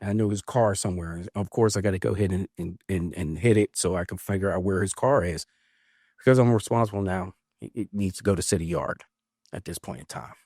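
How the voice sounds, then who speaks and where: Man, low voice, animated storyteller, dry close recording. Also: brisk, slightly rough, no echo. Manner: animated retelling, acts out quoted voices. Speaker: podcast co-host, former officer. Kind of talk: storytelling in casual conversation.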